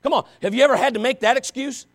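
A pastor with a very high-pitched, slightly bright voice talks fast as he preaches to his congregation. He addresses them directly in an impassioned, conversational way, pressing them with rhetorical questions.

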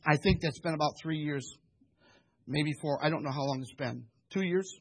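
A male pastor delivers a sermon in a high, husky voice. He tells his stories with emphasis and acts out the back-and-forth of each conversation. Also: moderate pace, poor audio. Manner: emphatic storytelling, acting out conversations.

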